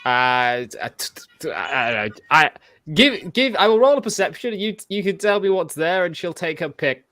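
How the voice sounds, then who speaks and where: A man's voice: high-pitched, expressive, moderate pace, sharp tone, no echo, soft background music. Stammering man player. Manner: hesitant, stammering. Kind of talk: casual game chat.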